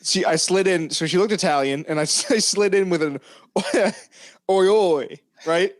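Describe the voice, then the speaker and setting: A young man hosting a casual comedy podcast, telling self-mocking stories in an animated way. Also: sits high, moderate pace, no room sound, studio quality. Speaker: podcast host.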